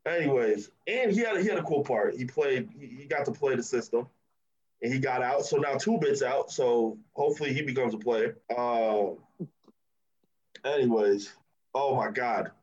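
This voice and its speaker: A man co-hosting a TV review podcast, talking casually in an animated, mocking way and laughing often. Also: medium pitch, moderate pace, highs cut off. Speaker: podcast co-host reviewing a TV episode.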